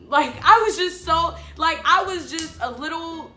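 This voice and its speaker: A woman vlogger telling a story in a casual, animated way, swearing freely and talking to her viewers directly. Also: very high-pitched, unhurried. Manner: animated, chatty, addresses viewers as y'all. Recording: echoey room, faint music.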